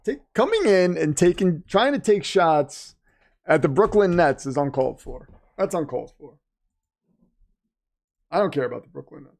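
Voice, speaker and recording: A man's voice: on the high side, lively intonation, normal speed, vocal fry, pauses often, a little mellow. A man hosting a live game watch-party stream, chatting casually, joking and reading out donations. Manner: chatty, joking, reads donations aloud, mocks the team's managers. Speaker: livestream host.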